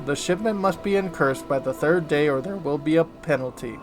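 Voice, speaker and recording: A man's voice: on the high side, normal speed, over music, close to an everyday voice. A man reading the lines of a humble male messenger in an overly polite, formal manner. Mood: courteous.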